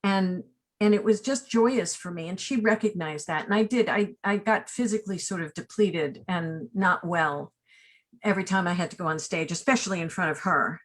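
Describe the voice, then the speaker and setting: Woman, sixties, casting director as guest, animated, rambling, tag questions, slightly low pitch. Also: normal speed. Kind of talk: remote interview, personal storytelling.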